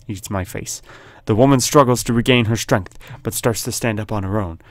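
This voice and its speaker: A man's voice: mid-range voice, moderate pace, no room sound, clean studio sound. Laughing man reading a horror game. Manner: jokey, laughing, chatty asides. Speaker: gaming video host. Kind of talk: reading and narrating a horror text game aloud.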